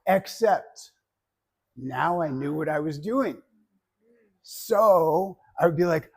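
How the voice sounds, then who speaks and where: Husky man giving a joking class speech. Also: a little high, slow pace. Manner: animated and joking, addressing the audience directly. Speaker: public speaking instructor.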